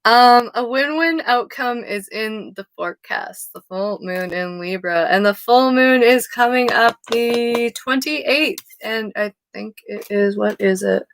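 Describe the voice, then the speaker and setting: A woman with a slightly high voice talks through a tarot reading in a loose, chatty vlog style. She wanders off on tangents, swears casually and pokes fun at herself. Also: measured pace, few pauses, fairly bright tone. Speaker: tarot card reader.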